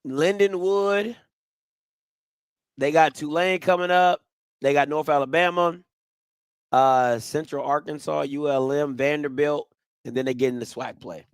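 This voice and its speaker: A man's voice: on the high side, fairly even intonation, a little slow, pauses often, clear, resonant tone, dry recording. A man hosting a casual sports talk show, reading out team schedules and reacting aloud with exclamations. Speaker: podcast host.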